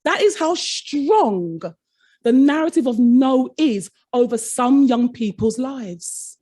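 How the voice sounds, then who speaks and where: A woman's voice: sits high, expressive, takes it slowly, warm tone, slightly rough. A middle-aged woman, a former head teacher giving a conference keynote, telling a story and acting out the voices of her staff. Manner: dramatic, acts out quoted staff in shifting voices. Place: conference hall.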